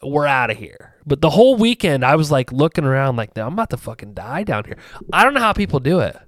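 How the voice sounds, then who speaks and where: Podcast co-host, man, 30s, from Ohio; lively, swearing storyteller with a slightly high, dry voice. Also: quick pace, dry recording. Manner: animated, profane storytelling with acted-out quotes. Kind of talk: casual storytelling chat.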